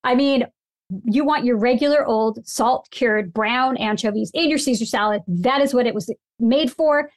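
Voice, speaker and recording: A food writer guesting on a podcast chats casually in a slightly high voice, with no echo. She's emphatic and opinionated, tossing in quick asides.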